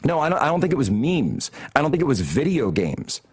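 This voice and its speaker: A man's voice: on the high side, very animated, a little fast, darkish tone, breathy edge. A man hosting a political talk show from a studio, delivering heated commentary in a combative, sarcastic, mocking way. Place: broadcast studio.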